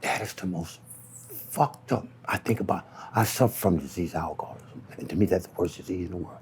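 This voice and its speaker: A man telling his own story in an interview, raw and profane, dropping to hushed near-whispers and then rising into animated storytelling. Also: sits low, a little fast, slight background noise. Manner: profane and repetitive, restarting phrases. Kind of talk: confessional interview monologue.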